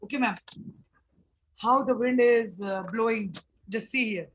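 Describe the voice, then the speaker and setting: A woman, teaching a phonics workshop, explaining slowly and repeating sounds. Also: on the high side, slight background noise, poor audio. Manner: slow, repetitive explaining with drawn-out sounds. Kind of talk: online phonics class for teachers.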